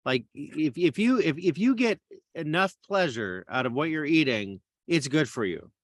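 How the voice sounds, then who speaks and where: A man hosting a casual chat, jokey and quick to laugh. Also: on the high side, animated, no room sound, studio quality. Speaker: host.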